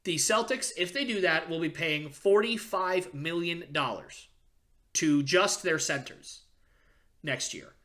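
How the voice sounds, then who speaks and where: A young man hosting a casual sports podcast, ranting excitedly with frequent fillers and restarts. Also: a little high, slow pace. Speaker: podcast host.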